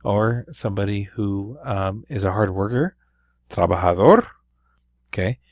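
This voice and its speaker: Low-voiced man teaching a language review. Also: darkish tone, no room sound, studio quality. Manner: explanatory, patient, with fillers and frequent "right?". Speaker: Spanish teacher. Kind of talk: recorded classroom review lesson.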